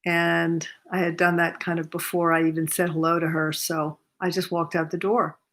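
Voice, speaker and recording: Her voice is lowish and a bit bright, with little pitch movement, as this seventies-aged massage therapist earnestly and unhurriedly recounts a personal story to camera from her cozy fireside home.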